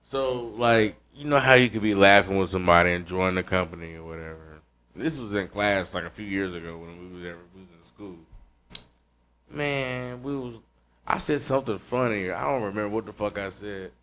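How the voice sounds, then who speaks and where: A man's voice: fairly low pitch, brisk, a bit bright, slight background noise. A young man co-hosting a podcast, chatting casually and telling stories with plenty of swearing and laughter. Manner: profane, laughing storyteller. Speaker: podcast co-host. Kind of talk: casual banter.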